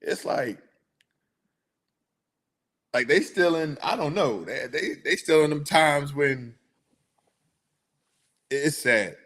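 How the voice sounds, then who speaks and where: A man's voice: fairly high pitch, slow pace, long pauses. Rambling man hosting a sports podcast. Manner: rambling, animated, talks to chat viewers. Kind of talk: casual chat.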